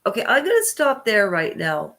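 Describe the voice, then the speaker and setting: A woman's voice: mid-range voice, huge pitch swings, moderate pace, a bit bright. A congested woman talking to camera on her own vlog, meandering and hesitant and often correcting herself mid-sentence. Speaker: channel host. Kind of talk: rambling personal vlog talk.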